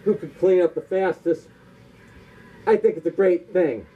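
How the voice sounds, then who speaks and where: Doing stand-up comedy, a man with a high, husky voice rattles off long tongue twisters in rapid patter, landing silly punchlines and sounding out of breath. The audio is tinny, like a phone.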